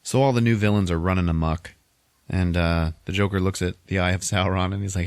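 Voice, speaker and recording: A man's voice: low voice, fairly even intonation, a little fast, clear, resonant tone, dry recording. A man hosting a podcast, casually retelling a movie plot and chuckling often as he goes. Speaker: podcast host.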